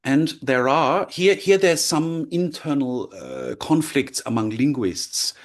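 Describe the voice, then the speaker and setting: A man's voice: a little high, sing-song, takes it slowly. A man teaching a lecture, explaining with frequent checks like "right?" and "yeah?". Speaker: language teacher.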